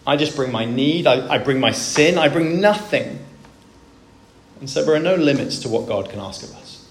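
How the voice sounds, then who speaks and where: A man's voice: medium pitch, lively intonation, moderate pace, a little hiss or hum. A man preaching a sermon, earnest and reflective, asking rhetorical questions of his listeners. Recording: echoey room with faint ambience.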